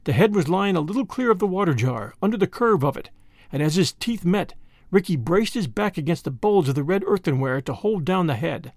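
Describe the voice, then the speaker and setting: A man reads a classic tale aloud with dramatic, expressive energy. His voice sits high and swoops a lot, with a gravelly edge. The recording is close and dry, with no room sound. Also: a little fast, no room sound. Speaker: narrator. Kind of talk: storybook narration.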